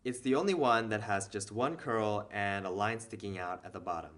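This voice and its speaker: A man's voice: on the low side, normal speed, a bit bright. A man patiently explaining a beginner reading lesson step by step, as the teacher of a language video series.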